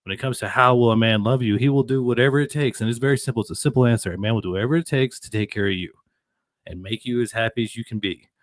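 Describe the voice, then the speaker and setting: A man co-hosting a podcast, talking casually and retelling stories in an animated way. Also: medium pitch, fast talker, no echo. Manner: conversational, animated retelling of stories with acted quotes. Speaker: podcast co-host.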